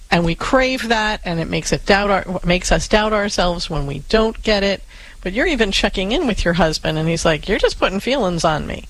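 Middle-aged female co-host, practical and steady, conversational advice. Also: lowish voice, rough recording. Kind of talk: casual advice talk.

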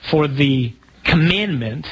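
A man preaching as a priest in a relaxed, conversational sermon, asking the audience questions and poking fun at himself. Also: fairly high pitch, slow pace, a little hiss or hum, poor audio. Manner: conversational, asks the audience questions, self-deprecating humor. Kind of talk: sermon talk to a congregation.

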